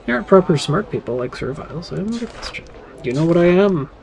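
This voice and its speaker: A man's voice: sits high, very animated, racing, gravelly, darkish tone, exaggerated voice. A man voicing a small, curious servile girl from a game, reading her lines in an innocent, chatty way.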